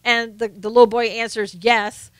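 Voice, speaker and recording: A woman's voice: a little high, moderate pace, a bit bright, clean tone, no room sound. A woman from the South, hosting a casual live stream, chatting to viewers and often laughing. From American South. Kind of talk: casual political chat reading viewer comments.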